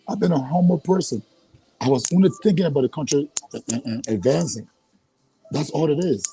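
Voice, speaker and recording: Angry Liberian man with a husky voice. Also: fairly high pitch, mellow, rough recording. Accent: Liberian English. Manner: angry, repetitive, stammering restarts. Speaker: interview guest. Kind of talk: heated conversational interview.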